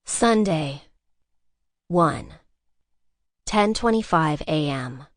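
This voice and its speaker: A woman narrating a suspense audiobook in a measured, scripted style. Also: animated, no room sound, clean studio sound. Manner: measured, voices characters with shifts in pitch.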